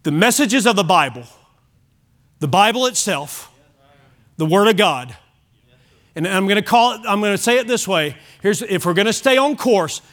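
A man's voice: high-pitched, animated, moderate pace, long pauses, a bit bright. A man preaching a sermon at a church service, emphatic and repeating key phrases for weight.

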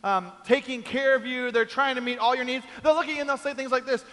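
A man's voice: very high voice, fast talker, few pauses, a bit bright, in a large hall. A man preaching a sermon, telling a comic story and acting out the quoted voices. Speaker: pastor.

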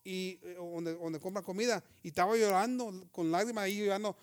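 A man with a notably high-pitched voice delivers a sermon. His preaching is fervent and emphatic, and he keeps driving his points home with amens and hallelujahs. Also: fairly even intonation, fast, few pauses, clear, resonant tone.

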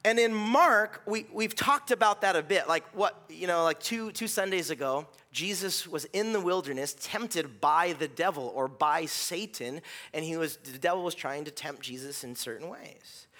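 A man's voice: on the high side, normal speed, few pauses, pushed and bright. A man preaching a sermon as pastor, talking casually, with frequent restarts and "right?" asides to the congregation.

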